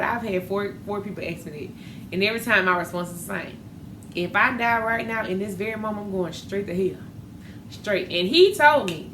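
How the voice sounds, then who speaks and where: A woman hosting a podcast, talking candidly and animatedly about faith and dating. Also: medium pitch. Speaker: podcast host. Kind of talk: casual faith talk. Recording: echoey room with faint noise.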